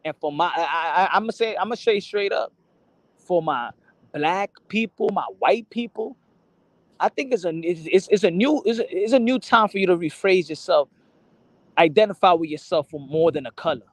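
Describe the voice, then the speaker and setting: A man with a high voice hosts a boxing channel, ranting casually to the camera at normal speed. He curses often, stammers and repeats words, and slips into Spanish phrases as he rambles. The audio has no echo.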